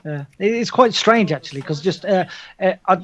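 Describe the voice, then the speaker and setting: A man's voice: high voice, expressive, moderate pace, highs cut off. A man with an English Midlands accent chatting casually on a radio show, laughing often and swearing freely. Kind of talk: casual chat.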